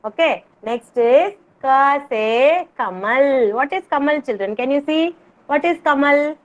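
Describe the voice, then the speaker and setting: A young woman teaching a kindergarten Hindi class over a video call, drilling words in Indian English with slow, patient repetition. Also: high-pitched, lively intonation, highs cut off. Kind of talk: online class teaching children.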